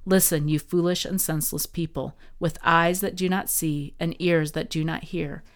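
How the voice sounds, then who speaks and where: Female scripture reader, low and smooth, expressive delivery. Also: moderate pace. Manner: expressive, dramatic reading. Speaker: Bible reading podcast host. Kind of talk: scripture reading.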